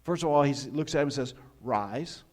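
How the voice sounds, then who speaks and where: A male pastor delivers a sermon in a casual, folksy manner, often turning to the congregation with questions. His voice sits a little high, and his tone stays relaxed and talky. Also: racing. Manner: conversational, folksy, asks the listeners questions.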